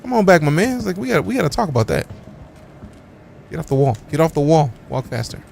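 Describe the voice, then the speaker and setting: A man's voice: a little high, very animated, quick pace, creaky, a little mellow, slight background noise. A man live-streaming a game, chatting casually with his viewers and joking around with playful, mock-offended trash talk full of slang.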